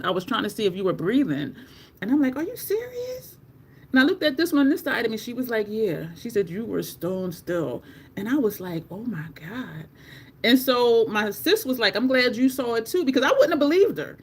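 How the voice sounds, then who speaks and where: Here a woman who vlogs about beauty talks through an anecdote as she applies makeup, animated and relaxed. She curses frequently and squeaks up high when repeating her own words.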